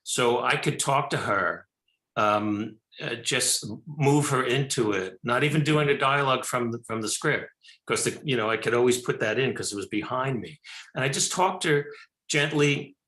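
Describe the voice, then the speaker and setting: A man's voice: medium pitch, normal speed, pushed and bright, roomy sound, poor audio. An older man, a film director, tells a story at length in a talk show interview, with many restarts and fillers. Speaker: film director and actor, guest.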